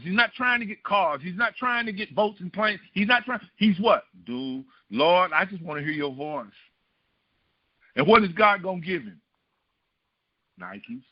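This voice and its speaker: A man's voice: high voice, breathy edge, dry recording, dull audio. A middle-aged man preaching a storytelling sermon, often putting questions to the congregation. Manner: asks the congregation rhetorical questions.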